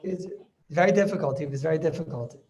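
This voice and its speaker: A man's voice: fairly high pitch, fast talker, a little mellow, highs cut off. A man, a rabbi, teaching an informal class over a video call, chatty and sprinkling in study-hall terms. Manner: chatty, mixes in Yiddish and Hebrew study terms.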